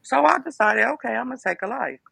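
Gravelly-voiced woman telling her story. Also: on the high side, expressive, fast, a bit bright, no echo. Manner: emphatic, conversational, lots of fillers. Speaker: podcast guest. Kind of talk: casual testimony.

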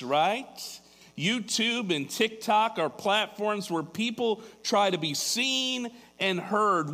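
A man's voice: sits high, a bit bright. A man preaching a sermon, telling a Bible story dramatically and building to emphatic peaks. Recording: long hall reverb.

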